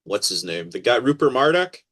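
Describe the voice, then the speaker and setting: A man talking as a podcast guest in a casual interview, animated and acting out quoted voices as he explains. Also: medium pitch, normal speed.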